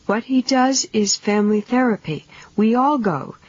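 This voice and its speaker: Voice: mid-range voice, normal speed, dry recording, pitched above the performer's own voice, lightly acted. A reader voicing a frightened adult housewife who pleads in a raised, strained voice. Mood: pleading. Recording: dull lo-fi 1970s audiobook tape.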